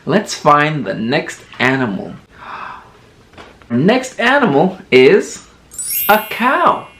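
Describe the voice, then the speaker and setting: A man teaching toddlers in a children's educational video, talking in a slow, exaggerated, encouraging sing-song and playfully imitating animal sounds. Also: on the high side, huge pitch swings, a bit bright, slight background noise. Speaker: teacher and kids' entertainer.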